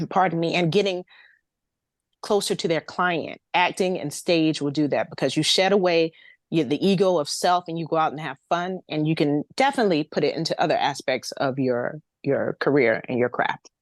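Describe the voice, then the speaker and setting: A woman from the American South speaks with a light Southern accent in a low, articulate voice. She is expressive and laughs easily as a guest in casual conversation. The recording is dry and close, with no room sound. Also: normal speed, dry recording. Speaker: guest, ghostwriter.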